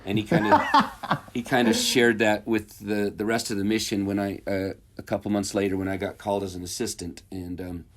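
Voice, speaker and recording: A man's voice: fairly low pitch, fairly even intonation, a little fast. A man telling his missionary stories in a casual interview, rambling and chuckling, with many fillers and restarts.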